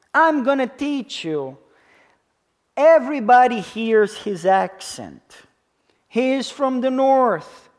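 A man in his thirties preaching slowly and deliberately to his congregation, with a foreign accent from speaking English as a second language. He leans on key words, repeats them, and checks in with the listeners as he goes. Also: high-pitched, a little mellow. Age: 30s. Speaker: pastor. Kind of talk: sermon.

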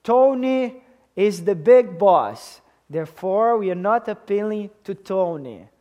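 A man's voice: high-pitched, animated, slow pace, dark tone. A man preaching a sermon to a congregation in an emphatic way, often checking in with them by asking questions. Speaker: pastor.

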